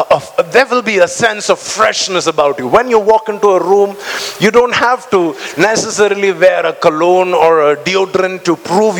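A man's voice: sits high, a bit bright, long reverb tail. A man preaching a sermon to his congregation, fervent, stretching out words and often repeating himself as he calls on people to answer back. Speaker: pastor.

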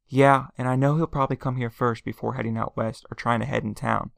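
A man voicing an anxious woman, an aunt who shouts into a phone and frets about her missing husband, as he reads a story aloud. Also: medium pitch, steady tone, fairly quick, vocal fry, dry recording, studio quality. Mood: tearful. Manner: anxious, cries out loudly.

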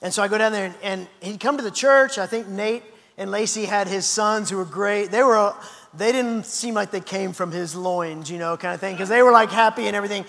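A male pastor delivers a lively, anecdotal sermon, stumbling into frequent restarts. His voice sits high for a man. A long hall reverb trails every phrase. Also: brisk.

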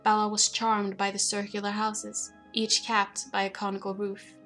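A woman narrating a novel aloud in a steady, even way. Her pitch barely moves and stays level from line to line. Quiet music plays faintly behind her reading. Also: normal speed. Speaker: audiobook narrator. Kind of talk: storybook narration.

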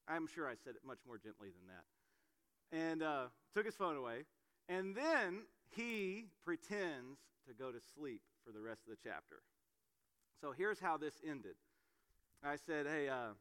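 A middle-aged man preaching a sermon, telling family stories in a relaxed, conversational way with frequent fillers. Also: fairly high pitch, measured pace, clean tone. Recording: long hall reverb.

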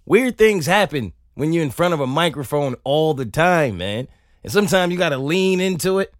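A man riffing through a comic monologue on his podcast, his voice climbing and dropping all over as he laughs and swears through his stories. He talks close on the mic in a dry, dead-sounding room, slightly higher-voiced than most men. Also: moderate pace, no room sound. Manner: animated, laughing, profane storytelling. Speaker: podcast host. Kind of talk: comedic solo monologue. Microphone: close studio mic.

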